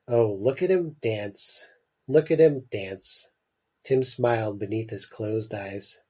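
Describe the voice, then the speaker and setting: A man hosting a podcast, reading a short story aloud with expressive delivery and jokey asides. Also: on the low side, takes it slowly, breathy edge.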